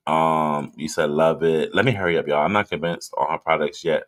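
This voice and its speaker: A man hosts a casual livestream, drinking as he reads viewer comments and talks loosely and straight to his audience. His voice is extremely low in pitch yet fairly bright in tone, at a normal speed.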